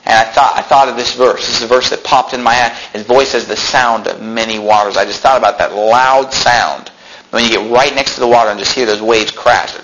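A pastor preaching a sermon in a church, explaining scripture with rhetorical questions and folksy asides. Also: male voice, medium pitch, steady tone, fairly quick, fairly bright tone, a little hiss or hum, poor audio.

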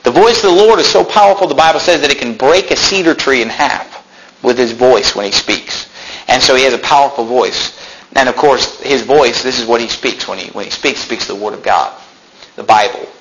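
A pastor preaching a sermon in a church, explaining scripture with rhetorical questions and folksy asides. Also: male voice, mid-range voice, brisk, a bit bright, low-quality recording.

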